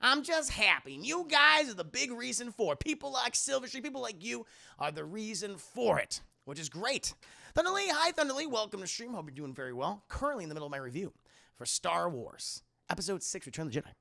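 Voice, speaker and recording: A man hosting a live stream, reviewing a film and greeting his chat in an animated, effusive way. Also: high-pitched, fairly quick, vocal fry.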